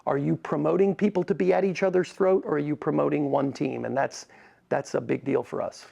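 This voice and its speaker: Gravelly animated man telling stories. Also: fairly high pitch, lo-fi sound. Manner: animated storyteller, quick restarts and "like". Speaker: racing team president, podcast guest. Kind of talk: conversational interview.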